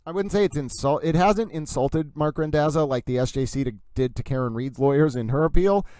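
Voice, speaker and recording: Male stream host, animated and chatty, smooth resonant tone. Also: a little high, fairly quick, no room sound. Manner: chatty, reads viewer comments aloud; animated and gossipy, laughs while reading. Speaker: livestream host discussing a court ruling. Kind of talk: casual livestream commentary.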